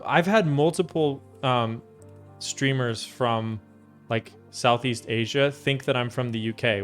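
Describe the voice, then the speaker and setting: A young American man chatting casually with his stream chat while he builds a keyboard. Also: mid-range voice. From United States. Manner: relaxed, chatty, reads and answers chat.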